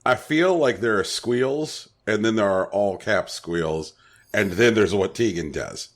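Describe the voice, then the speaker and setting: A man with a very low voice co-hosts a casual podcast chat. He talks slowly and teases with a dry, deadpan delivery. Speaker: podcast co-host.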